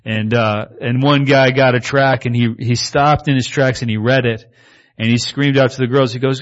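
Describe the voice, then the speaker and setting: A man preaching a sermon in a conversational style, moving between reading scripture and lively asides. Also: medium pitch, normal speed. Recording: slightly muffled recording.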